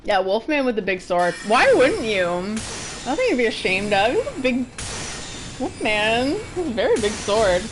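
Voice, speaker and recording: A woman's voice: fairly high pitch, big pitch swings, normal speed. A woman streamer giving casual, chatty commentary while she plays a game. She giggles often and yelps when she gets stressed.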